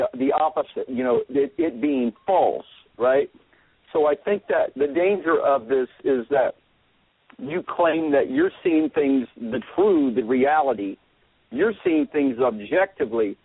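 A man talking casually to his listeners, rambling and halting with many fillers and restarts as he works through his opinions. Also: fairly high pitch, creaky, no room sound. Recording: tinny phone-like line.

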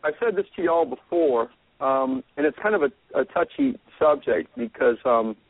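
A man talking casually to his listeners, rambling and halting with many fillers and restarts as he works through his opinions. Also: fairly high pitch, big pitch swings, dry recording. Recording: tinny phone-like line.

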